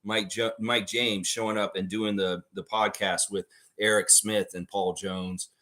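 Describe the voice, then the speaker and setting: A man hosting a live trivia stream in a casual, excitable way, reading out chat names and answers. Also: on the low side, unhurried. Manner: excitable, breaks into loud whoops and laughs, reads chat names.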